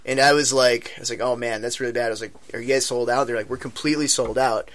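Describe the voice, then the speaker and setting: A man's voice: mid-range voice, fast. A young adult man telling a long, profane anecdote in casual chat with friends, acting out the other people's lines. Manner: animated, profane, acts out voices. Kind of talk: casual storytelling among friends.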